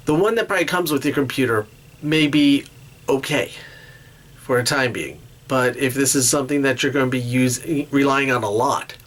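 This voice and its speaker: Halting man giving tips. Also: mid-range voice, fairly bright tone. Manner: halting, restarts phrases, pauses often. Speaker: podcast host. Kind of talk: casual solo talk with tips.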